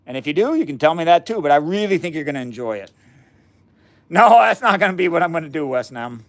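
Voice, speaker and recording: A man's voice: sits high, lively intonation, brisk. Upbeat man in his fifties, livestream chat. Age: 50s. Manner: upbeat and folksy, greeting viewers by name. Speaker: science livestream host. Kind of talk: casual live-stream chat. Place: home basement.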